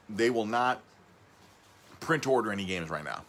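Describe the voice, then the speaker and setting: A man hosting a casual podcast, rambling, stumbling over and repeating his words, his voice jumping up when he gets excited. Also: on the low side, brisk. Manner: excitable, voice jumps up on emphasis. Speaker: podcast host.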